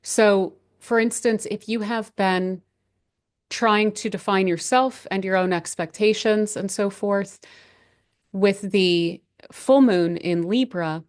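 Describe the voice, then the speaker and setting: A woman hosting a horoscope channel, talking through the month's signs in a casual, rambling way with many restarts and gentle advice. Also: mid-range voice, slow pace. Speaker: astrology channel host.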